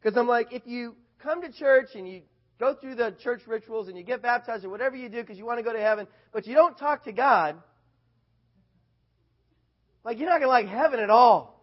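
A man preaching a casual sermon, animated, swinging from loud bursts to quiet asides. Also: very high voice, brisk, dull audio.

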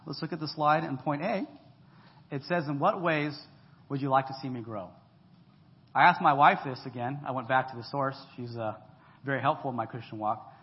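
Joking pastor preaching in an echoey hall. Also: male voice, mid-range voice, moderate pace. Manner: lively, joking, talks straight to the congregation. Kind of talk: conversational sermon. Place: church hall. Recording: echoey hall, dull lo-fi sound.

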